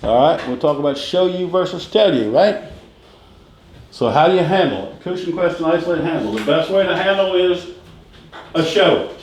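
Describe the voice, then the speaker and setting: Middle-aged man teaching in an echoey classroom. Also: a little high. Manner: drills phrases by repetition, quizzes the class with quick questions. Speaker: real estate sales instructor. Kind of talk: classroom training lecture. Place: training classroom. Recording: echoey room with faint noise.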